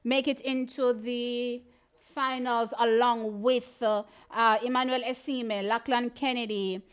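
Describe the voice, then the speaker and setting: High-voiced woman hosting a livestream. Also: a little slow, smooth. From Jamaica. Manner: animated, exclamatory, often says "child". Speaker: livestream host. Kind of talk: casual live-stream sports commentary.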